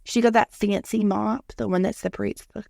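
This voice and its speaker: A woman in her thirties tells stories in a loose, chatty podcast conversation, often quoting herself. Her voice has a gravelly edge. The sound is dry and close, with little room in it. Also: medium pitch, fairly even intonation, a little fast, a little mellow, dry recording. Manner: chatty storyteller with quoted asides and laughs. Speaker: podcast co-host. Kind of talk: casual chat.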